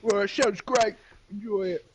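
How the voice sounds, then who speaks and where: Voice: medium pitch, moderate pace, noisy background. A tabletop game player chatting playfully on an online call, teasing the others. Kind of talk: casual chat on a group call.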